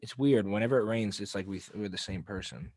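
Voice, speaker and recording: A man's voice: on the low side, fast, a little mellow. A man co-hosting a casual podcast chat, rambling and self-mocking, often trailing off mid-thought. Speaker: podcast co-host.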